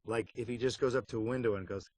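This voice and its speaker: A man's voice: mid-range voice, fairly even intonation, fast talker, darkish tone, no echo. A middle-aged man with a mid-range voice, chatting in a casual interview. He speaks with wry, dry humor and slips into playful joking as he tells stories about his work. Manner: wry, joking, puts on silly voices for anecdotes. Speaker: voice actor interviewed about a game. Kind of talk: casual behind-the-scenes interview.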